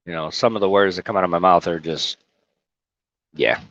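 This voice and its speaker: A man's voice: low-pitched, moderate pace, a bit bright, no echo, lo-fi sound. A man driving a truck, chatting casually on a livestream, rambling, swearing and greeting viewers by name. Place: inside his truck cab. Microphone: phone.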